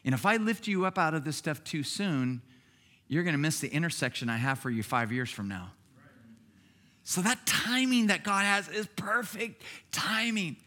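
A man with a high, bright, ringing voice preaching a sermon. He is middle-aged and talks to the congregation like a friend, then rises into excited shouts. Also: moderate pace. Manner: lively, conversational preaching with bursts of shouting. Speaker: pastor.

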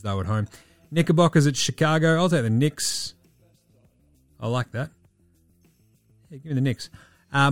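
A man hosting a podcast in casual sports chat, breezy and profane as he rattles off quick-fire picks. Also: mid-range voice, dry recording. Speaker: podcast host.

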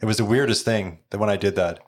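A man's voice: lowish voice, fast. A man hosting a casual chat and asking about guests' business, telling his own anecdotes.

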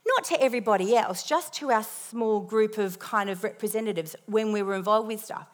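A young woman telling a lively personal testimony with self-deprecating humor as part of a sermon. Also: medium pitch, fairly quick.

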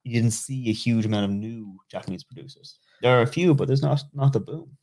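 A man co-hosting a podcast, chatting casually with quick asides. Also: medium pitch, darkish tone. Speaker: podcast co-host. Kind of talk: casual conversational chat.

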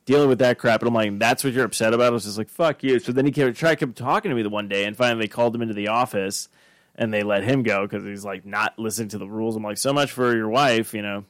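A man's voice: lowish voice, steady tone, fast talker, no room sound. Podcast co-host: man in his thirties from Arizona, swears a lot, rambles, dry close mic. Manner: rambling, profane storytelling. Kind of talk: casual chat.

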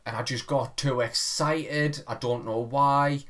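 A man's voice: medium pitch, fairly even intonation, takes it slowly, fairly bright tone. A man, co-hosting a casual comedy podcast and telling rambling childhood stories, swearing freely. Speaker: podcast co-host.

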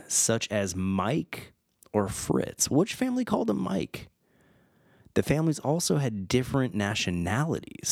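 A man's voice: fairly low pitch, no echo, clean studio sound. A man in his thirties hosting a podcast, reading film trivia aloud in a wry, chatty way and stumbling over names. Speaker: podcast host.

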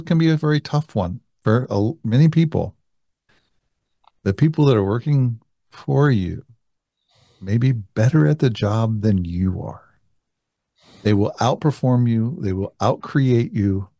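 Mellow low-voiced male guest. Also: dry recording, studio quality. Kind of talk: conversational interview.

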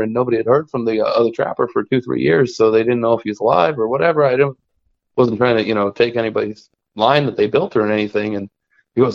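A man's voice: fairly low pitch, fast, muffled recording. A young adult man, a trapper and guest, telling stories in a casual, rambling way, often restarting and laughing at his own tales. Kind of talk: casual storytelling in conversation.

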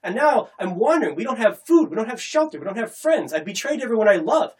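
A man's voice: high voice, sing-song, fast, pitched above the performer's own voice. A man voicing a bitter, worn-down young warrior in a storytelling chat. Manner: heated outpouring.

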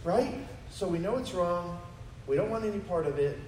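A high-pitched male pastor delivers an emphatic sermon, pressing his congregation with rhetorical questions. He is picked up from some distance in a roomy, echoing church, with a faint hum of ambience behind him. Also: animated, normal speed, a little mellow. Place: church sanctuary.

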